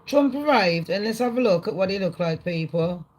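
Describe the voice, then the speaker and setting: A woman hosting a livestream, ranting casually to her chat in an excitable, rambling way, swearing a lot. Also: medium pitch, moderate pace, low-quality recording. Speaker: livestream host. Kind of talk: casual rant to a live chat.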